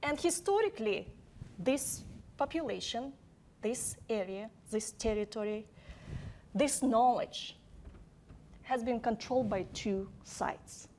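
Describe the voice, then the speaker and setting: A woman giving an academic lecture, speaking deliberately and emphatically, often posing rhetorical questions. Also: fairly high pitch, expressive, darkish tone, a little hiss or hum.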